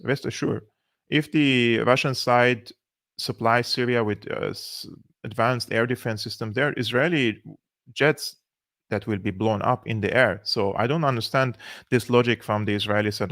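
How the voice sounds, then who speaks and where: This man hosts a political commentary channel, reacting to played clips in a casual, sarcastic way with plenty of fillers. His voice is fairly low and a little bright, captured in a clean studio with no echo.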